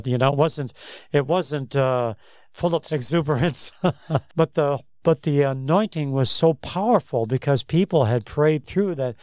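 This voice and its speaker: A man's voice: fairly high pitch, unhurried, darkish tone, no echo, studio quality. Rambling man telling revival stories. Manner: rambling, restarts and repeats words. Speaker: co-host of a Christian talk show. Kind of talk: casual faith discussion, storytelling.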